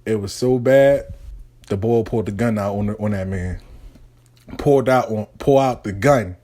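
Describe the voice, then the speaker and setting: A man hosting a storytelling show, telling a wild tale in an emphatic, profane, animated way. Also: fairly low pitch, moderate pace. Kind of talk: casual storytelling.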